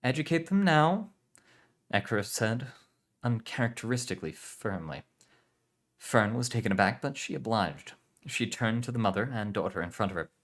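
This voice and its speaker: A man calmly narrating a story for a relaxed listen. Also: on the low side, normal speed.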